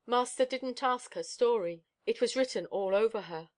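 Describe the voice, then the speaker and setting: Woman narrator for a classic novel audiobook, expressive, measured pacing. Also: mid-range voice. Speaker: audiobook reader.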